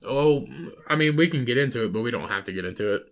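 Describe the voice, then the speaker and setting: A man's voice: medium pitch, animated, quick pace, a bit bright. A man hosting a podcast, telling a profane, rambling story and acting out the other people in it. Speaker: podcast host. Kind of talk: casual storytelling chat.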